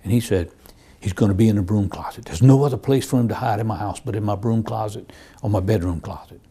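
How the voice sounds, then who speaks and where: Lower-pitched male cop telling case stories for a crime interview, plainly told, voicing the exchanges. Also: fast talker, dark tone, slightly rough. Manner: plain storytelling, acts out quoted dialogue. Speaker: police officer. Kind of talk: true-crime interview recounting cases.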